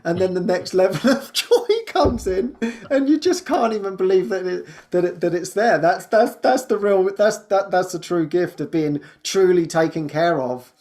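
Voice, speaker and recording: A man's voice: sits high, moderate pace, darkish tone. A man sharing personal spiritual experiences in conversation, earnest and laughing often, repeating words as he searches for them and acting out his own thoughts. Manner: storytelling, acts out his own inner voice.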